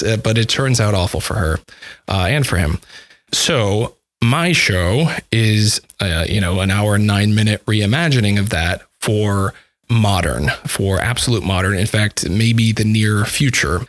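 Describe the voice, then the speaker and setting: Halting, low-voiced man retelling a story. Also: dry recording. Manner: halting, repeats words and restarts often. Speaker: composer describing his dissertation project. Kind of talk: casual storytelling in conversation.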